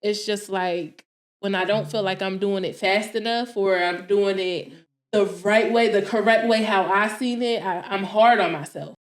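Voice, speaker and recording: A woman in her thirties co-hosting a casual podcast, telling stories in an animated way, acting out her own quotes and laughing often. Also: mid-range voice, a little slow, reverberant. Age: 30s. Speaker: podcast co-host.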